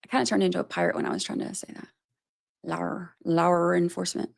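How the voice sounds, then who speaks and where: A livestream host chats casually about a trial, reading the chat aloud, rambling and thinking out loud with lots of "like" and "you know." She's self-deprecating, and her mid-range voice races, gravelly and slightly rough, with huge pitch swings.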